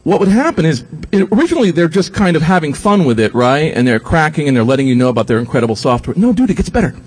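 A man's voice: a little high, quick pace, husky. A man giving a comic lecture to an audience, sarcastic and profane, putting on mocking voices for the people he quotes. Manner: animated, sarcastic, swears freely, quotes others in mocking voices. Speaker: speaker giving a talk.

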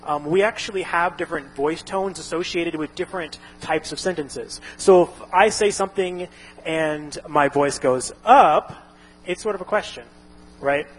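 A man's voice: fairly high pitch, moderate pace, husky, rough recording. A man casually explaining a topic, rambling with frequent restarts and fillers. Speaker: instructor.

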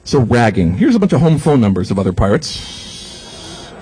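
With a mid-range, breathy-edged voice at a moderate pace, a man gives a sarcastic, profane comic lecture to an audience. He's animated, swearing freely and putting on mocking voices for those he quotes.

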